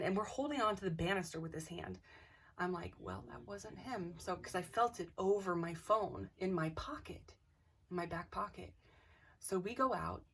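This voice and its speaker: A woman's voice: fairly low pitch, breathy edge, far from the mic. A woman casually telling a personal ghost story to camera, rambling and acting out what people said. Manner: animated, rambling, acts out quotes.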